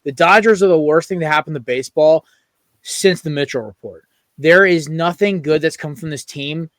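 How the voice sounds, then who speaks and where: Young male co-host, heated opinionated rants, slightly high voice, dry close sound. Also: fairly bright tone, dry recording. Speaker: podcast co-host. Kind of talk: casual sports podcast chat.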